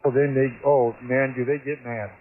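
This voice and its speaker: A man's voice: mid-range voice, steady tone, moderate pace. A man calling in on a ham radio, easygoing and joking, saying by golly. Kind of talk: casual radio chat. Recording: tinny radio transmission.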